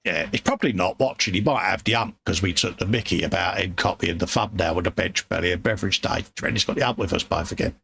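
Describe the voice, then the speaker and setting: A man's voice: deep voice, fast talker, vocal fry, few pauses, sharp tone. A man hosting a casual livestream, chatty and matey as he reads out viewer messages. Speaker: livestream host reading chat.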